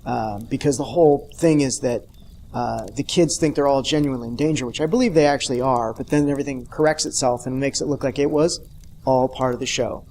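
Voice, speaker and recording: Guy reviewing a tv episode off the cuff, rambly and wry, mid pitch, little bit of hiss behind him. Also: a little fast, darkish tone. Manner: conversational, rambling, wry asides. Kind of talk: unscripted casual review monologue.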